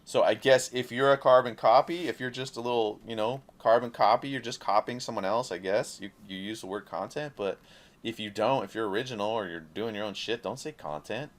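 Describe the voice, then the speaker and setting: A man with a mid-range voice talks briskly, giving a casual talking-head monologue to camera as an independent creator. His delivery is passionate, profane, and rambling.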